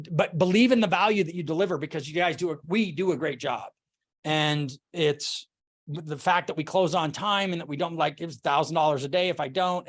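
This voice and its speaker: Candid, upbeat man leading a sales call. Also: fairly high pitch. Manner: candid, swears freely, animated retelling with laughs. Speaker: sales team leader. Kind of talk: casual team call, coaching.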